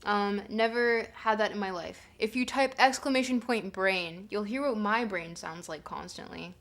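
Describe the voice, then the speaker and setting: A young adult woman streamer in casual chat with her viewers, rambling with fillers and breaking into playful, excited bursts. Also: medium pitch, moderate pace. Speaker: livestreamer reading chat.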